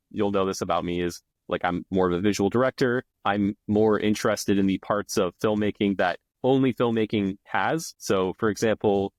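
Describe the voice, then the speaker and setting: A low-voiced man co-hosts a casual film podcast, talking with enthusiasm and rambling restarts. The sound is dry and close, with no room around it. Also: dry recording. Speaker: podcast co-host.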